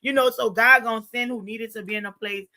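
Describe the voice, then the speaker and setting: Bright-voiced woman, teasing chat. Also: on the high side, fast. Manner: teasing, expressive. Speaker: co-host. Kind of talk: casual chat.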